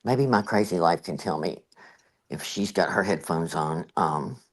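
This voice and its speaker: Very deep voice, exasperated host, rambling reaction commentary. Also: a little slow.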